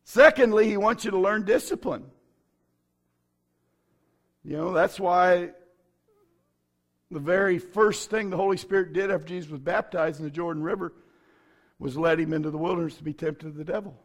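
A man's voice: high voice, normal speed, long pauses. A middle-aged man, a pastor, preaching a sermon with folksy stories and bursts of fervor.

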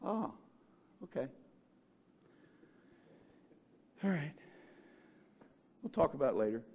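Brief: Jesus , put on by a preacher, calm and blunt, casual modern talk. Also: male voice, on the high side, normal speed, husky, pitched below the performer's own voice, exaggerated voice. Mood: offhand. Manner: matter-of-fact, casual modern speech.

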